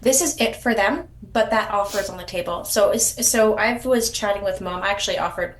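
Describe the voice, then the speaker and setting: A woman telling her surrogacy story as a podcast guest, warm and rambling, often restarting her sentences. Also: mid-range voice, brisk, echoey room. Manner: warm storytelling, frequent restarts and repeated words. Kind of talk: casual interview chat.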